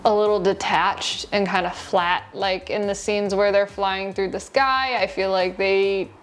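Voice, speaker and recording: A woman's voice: mid-range voice, steady tone, measured pace, a little hiss or hum. Woman, movie reviewer, casual video review, sarcastic, rambling, lapel mic. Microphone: lapel mic in shirt.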